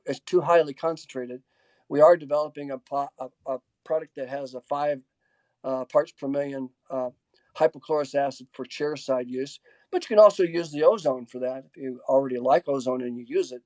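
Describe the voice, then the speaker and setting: Man, webinar speaker on a video call, mellow and dry, halting, stop-start answers. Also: medium pitch, no echo. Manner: halting, many restarts and fillers, reads out audience questions. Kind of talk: casual Q&A in a webinar.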